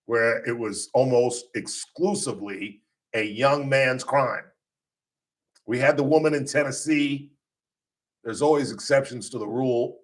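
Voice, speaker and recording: A man hosting a radio talk show in a blunt, combative style. His voice sits at an ordinary pitch, and he tells stories with animated punch. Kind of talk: opinionated talk radio monologue.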